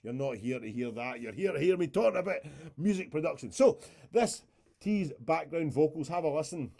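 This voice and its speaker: A man's voice: a little high, animated, fairly quick, vocal fry, warm tone. A man, casually walking through a music production session on a live stream, chatty and rambling with the odd swear word.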